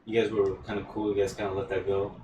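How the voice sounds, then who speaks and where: A man's voice: lowish voice, completely flat delivery, fast talker, dull audio, noisy background. A young man co-hosting a podcast, prodding with teasing, pushy questions in casual chat. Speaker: podcast co-host. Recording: echoey room, mic far off.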